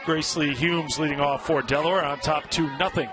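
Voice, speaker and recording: A man calling a youth softball game play by play, upbeat and lifting his voice on big plays. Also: a little high, fairly even intonation, moderate pace. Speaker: play-by-play announcer. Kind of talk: live baseball commentary. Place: outdoor ballpark broadcast booth. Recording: crowd noise and outdoor din. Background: crowd and outdoor ambience.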